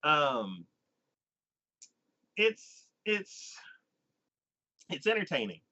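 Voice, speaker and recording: A man with a bright, forceful voice chats casually through an anime recap, rambling and restarting, filling gaps with "like". The sound is dry and close, but dull and lo-fi. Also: a little high, very animated, dry recording. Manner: rambling, heavy use of "like", quick restarts. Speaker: anime podcast host. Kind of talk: casual chat recapping a show.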